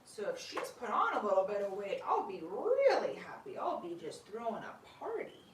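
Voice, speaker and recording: Mulher numa live descontraída, conversando com carinho com os animais, com ruído leve de fundo. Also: female voice, medium pitch, wildly swooping pitch, moderate pace, a little hiss or hum. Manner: chatty, talks fondly to her pets, laughs often. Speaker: sugar glider owner and channel host. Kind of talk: casual live-stream chat. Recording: roomy room with mic at a distance.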